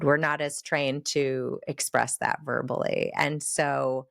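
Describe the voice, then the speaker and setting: Low-voiced woman podcast host, dry sound. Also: steady tone, measured pace, gravelly, few pauses, no echo. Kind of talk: conversational podcast talk.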